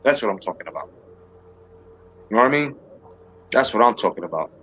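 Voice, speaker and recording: A man's voice: lowish voice, animated, a little fast, fairly bright tone, slightly rough. Profane, ranting male talk host. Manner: profane, heated, repeats himself and restarts often. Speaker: livestream talk show host. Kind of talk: heated political rant to a live chat.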